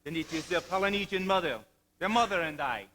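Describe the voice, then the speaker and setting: A teenage boy playing an earnest, heartbroken middle-aged French planter in a school stage musical. The voice is high for a man and very bright and piercing. He pleads emphatically and moves into sung lines. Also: animated, fast talker, slight background noise. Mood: pleading. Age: late teens. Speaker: student actor in a school musical. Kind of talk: amateur stage musical acting and singing.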